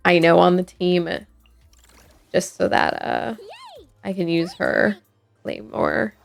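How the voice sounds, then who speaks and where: Sleepy woman streamer with a creaky voice. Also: lowish voice. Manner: rambling, many fillers and restarts. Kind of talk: casual gameplay chat. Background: faint game music.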